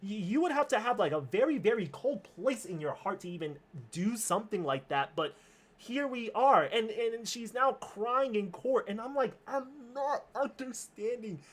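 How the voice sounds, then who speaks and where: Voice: medium pitch, animated, moderate pace. A streamer giving casual commentary on a news story, passionate and indignant, often restarting words.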